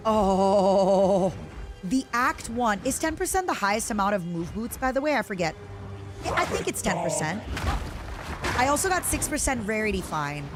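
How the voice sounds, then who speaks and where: A woman streamer chatting casually while she plays, excitable and giggly, breaking into squeals. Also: mid-range voice, moderate pace, music in the background. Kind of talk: casual live-stream chat while gaming.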